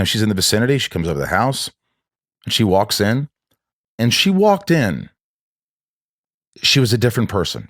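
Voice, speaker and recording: A man's voice: mid-range voice, fairly bright tone, no room sound. A man tells a story in a loose, rambling way, stopping and restarting his sentences often. His voice sits in a middle range and sounds dry and close. The talk is a casual podcast chat. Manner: rambling, with many restarts and acted-out quotes. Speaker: podcast guest.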